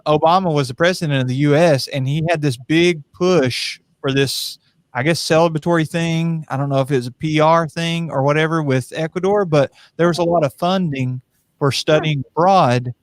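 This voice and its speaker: A man's voice: fairly high pitch, normal speed, no room sound. A man guest telling a story in a casual, chatty way, with easy fillers and laughs. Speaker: podcast guest.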